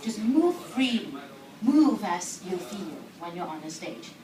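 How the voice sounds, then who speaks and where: A woman's voice: mid-range voice, sing-song, measured pace, darkish tone. A woman talking to a live audience, asking them questions and laughing often. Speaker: speaker. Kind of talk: lively talk to an audience. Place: hall. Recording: echoey hall recorded from far off, background noise.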